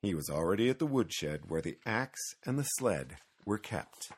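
A man with a low, husky voice reads a children's storybook aloud. His delivery is lively and expressive, rising and falling widely as he tells the tale. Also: a little slow. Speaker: narrator.

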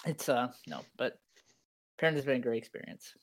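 A young man on a casual podcast who tells animated stories. He laughs often between his lines. His voice sits at an ordinary middle pitch. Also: brisk, crowd noise. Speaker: podcast co-host. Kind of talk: casual chat.

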